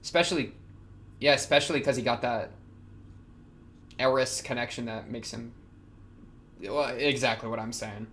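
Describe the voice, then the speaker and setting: A young man, reacting to an anime episode in casual commentary, excitable, laughing often and talking back to the characters. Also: mid-range voice, normal speed, pauses often, a little hiss or hum.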